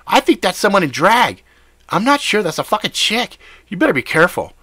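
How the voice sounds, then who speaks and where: A man voicing a foul-mouthed, excitable male sidekick who swears and panics easily. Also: high-pitched, brisk, no echo, pitched above the performer's own voice, heavily acted. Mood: alarmed. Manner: excitable, swearing, talks over the speaker.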